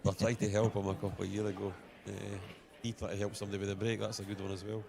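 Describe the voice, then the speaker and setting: A man's voice: on the low side, level tone, racing, creaky, a crowd in the background. A Scottish man commentating live on a pool match, chatting colloquially and telling anecdotes.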